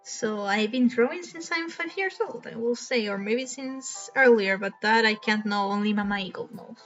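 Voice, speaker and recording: Streaming casually, a woman chats in a self-deprecating, rambling way at normal speed, her tone fairly bright. She's on a cheap desk mic that sounds dull and low-quality, with faint music playing in the background.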